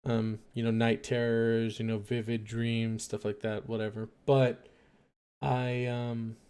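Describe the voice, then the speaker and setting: Mellow-voiced man rambling on a stream. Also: medium pitch. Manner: rambling, hesitant, filler-heavy, musing aloud. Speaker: late-night radio-style stream host. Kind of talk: casual rambling monologue.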